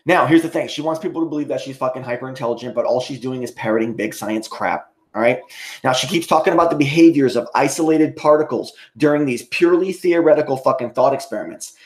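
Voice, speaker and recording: A man's voice: mid-range voice, quick pace, darkish tone. A man livestreaming an angry, profane rant, ending most points with "okay?".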